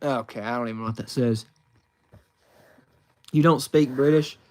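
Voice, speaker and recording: A man's voice: medium pitch, normal speed. A man from the United States streaming from his phone, reading chat questions aloud and answering in a chatty, rambling way with lots of fillers. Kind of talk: casual livestream chat.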